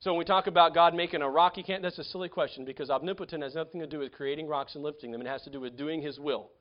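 A man with a fairly high voice preaches in a casual, conversational way, stumbling over restarts. He leans hard into key points, then drops to near-whispered asides. The sound is dull and lo-fi. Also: fairly even intonation, very fast. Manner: swings between loud emphasis and quiet asides. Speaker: pastor. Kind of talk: sermon.

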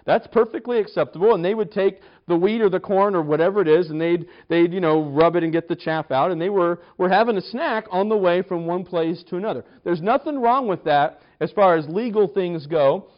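A man's voice: high voice, a little fast, few pauses. A man teaching a conversational Bible study, chatty, with wry humor and frequent restarts. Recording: slightly dull lo-fi recording.

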